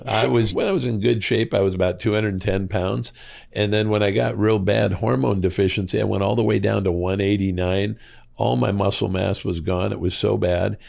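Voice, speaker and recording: A man's voice: normal speed, creaky. A middle-aged man from Iowa, a guest on an interview show, telling stories casually and acting out the people he quotes. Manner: animated, acts out quoted voices with big pitch jumps. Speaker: guest, hormone clinic co-founder.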